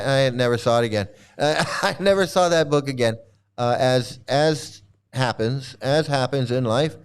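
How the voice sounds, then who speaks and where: A man's voice: mid-range voice, a little slow, clean tone. A man giving casual video commentary, sarcastic and rambling with many restarts.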